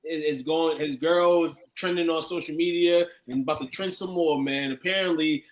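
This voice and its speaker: A man's voice: fairly high pitch, fairly even intonation, normal speed. A man co-hosting a casual sports chat, slangy and laid-back. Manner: slangy, laid-back, calls people dog. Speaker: sports podcast co-host.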